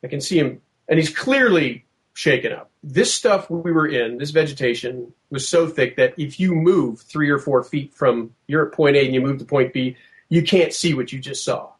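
A middle-aged man telling a long first-hand story in a podcast interview, vivid and animated, acting out what people said. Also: on the high side, normal speed. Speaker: podcast guest.

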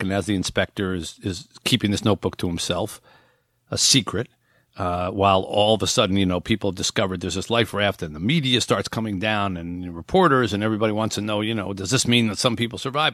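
A man's voice: on the low side, fast, a bit bright, dry recording, studio quality. A man hosting a podcast, casually retelling a book's plot with frequent fillers and restarts. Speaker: podcast host.

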